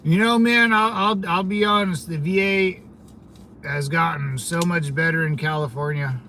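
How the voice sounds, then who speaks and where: A young man with a bright, fairly high voice hosts a relaxed livestream and reads out viewer comments. He talks in a loose, easygoing way, laughs a lot and often repeats himself. A faint hiss of noise sits under his voice. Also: moderate pace. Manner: laid-back, laughs often, repeats phrases. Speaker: livestream host. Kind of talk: casual livestream chat reading comments.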